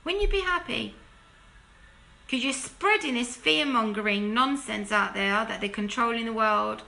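Bright, forceful preachy woman. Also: a little slow, gravelly. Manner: emphatic, preachy, full of rhetorical questions; drops to a hushed, low plea when urging repentance. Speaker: Christian video commentator. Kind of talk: impassioned direct-to-camera monologue.

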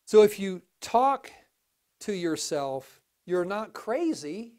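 A male pastor preaching a sermon, telling a folksy story with big swings between quiet and loud. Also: high-pitched, big pitch swings, slow pace.

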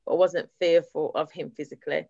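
A woman's voice: deep voice, fairly quick, gravelly, dry recording, lo-fi sound. A woman, candidly retelling her own experience at a public event. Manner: candid, steady retelling with fillers. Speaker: survivor sharing her story. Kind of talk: personal testimony at a public event.

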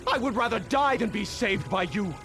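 An actor voicing a terrified, defiant man in a video game who refuses rescue, shouting in panic. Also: high voice, expressive, normal speed, over music. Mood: panicked.

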